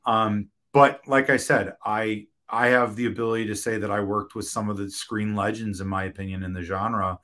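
A male film director being interviewed, with a fairly low voice. He speaks frankly and reflectively, often stopping and restarting his sentences as he works through his thoughts, and drops in casual profanity. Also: fairly even intonation, moderate pace, hardly any pauses, fairly bright tone. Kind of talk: candid interview talk.

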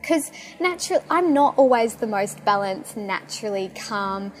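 Young aussie woman rambling on her podcast, loud and excitable, bit of quiet background noise. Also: medium pitch, normal speed. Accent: Australian. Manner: chatty and excitable, full of fillers. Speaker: podcast host. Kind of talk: casual monologue.

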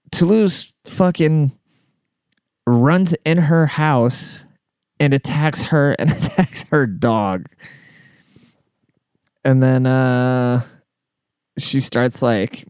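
A man's voice: medium pitch, a little mellow, clean tone, no echo, studio quality. A man hosting a podcast, talking in a rambling, profane, casual monologue with lots of fillers and asides. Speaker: podcast host. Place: outdoors.

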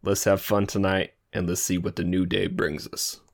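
A man's voice: low-pitched, flat delivery, normal speed, creaky. A man voicing a charismatic male desert paladin who reassures a friend. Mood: reassuring. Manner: reassuring and warm-hearted, with swagger.

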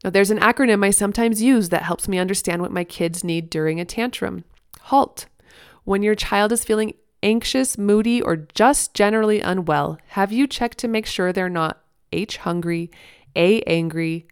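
A woman in her thirties hosting a parenting podcast, speaking earnestly, laughing softly now and then as she reads her own blog post. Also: medium pitch, clean tone, no echo, studio quality. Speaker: podcast host.

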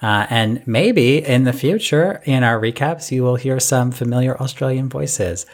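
A man hosting a casual recap podcast, relaxed and filler-heavy as he talks. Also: medium pitch, a little slow. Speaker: podcast host.

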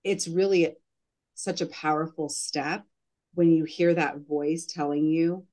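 A woman's voice: deep voice, steady tone, unhurried, dark tone. A woman who coaches mothers, talking earnestly in a casual podcast interview and using "like" often.

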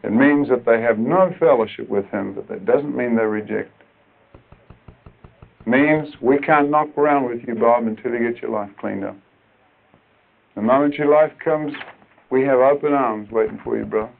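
A man preaching a sermon to other preachers, emphatic and urgent, dropping at times to quiet, earnest asides. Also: medium pitch, normal speed, creaky, pauses often. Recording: tinny lo-fi old tape recording.

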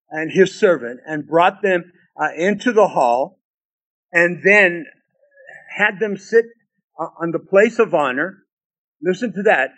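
A man preaching a sermon, reading scripture aloud and musing on it in deliberate asides. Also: on the high side, a bit bright. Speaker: pastor.

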